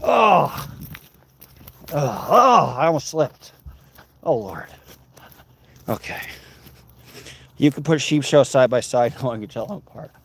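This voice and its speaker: A man's voice: medium pitch, sing-song, slow, vocal fry, pauses often, fairly bright tone, husky. A man livestreaming while walking outdoors, reading viewer comments aloud and bantering with his chat.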